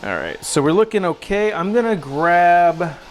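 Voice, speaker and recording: A man's voice: high voice, very animated, unhurried. A young man hosting a casual cooking livestream, talking while he cooks at the stove, goofy and self-mocking, calling viewers bro and dude.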